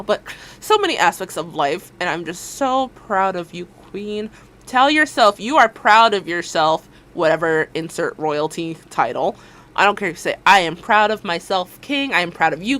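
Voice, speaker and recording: Lively playful woman streamer. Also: medium pitch. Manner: playful, encouraging, laughs often. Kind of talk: casual livestream chat.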